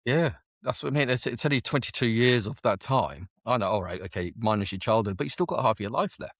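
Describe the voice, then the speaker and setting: A man's voice: medium pitch, lively intonation, brisk, a bit bright, no room sound, studio quality. A man in his forties from the United Kingdom, an army veteran telling his story in a casual interview, chatty and full of quoted dialogue. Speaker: army veteran and business owner.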